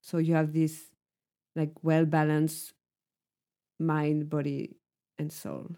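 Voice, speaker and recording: A woman's voice: sits low, completely flat delivery, slow, mellow. A woman co-hosting a podcast, speaking earnestly in casual chat and filling her sentences with "like". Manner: frequent "like" fillers, earnest. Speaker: podcast co-host.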